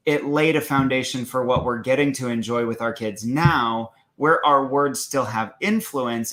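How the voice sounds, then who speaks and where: A man co-hosting a parenting talk show, explaining ideas about raising children in an earnest, steady way. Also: mid-range voice. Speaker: co-host, parent.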